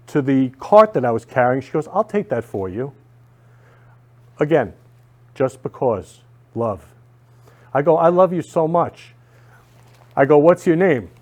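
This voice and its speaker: A man's voice: mid-range voice, darkish tone. A man hosting his own talk show, speaking earnestly and emphatically, often repeating himself. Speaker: host. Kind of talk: casual monologue.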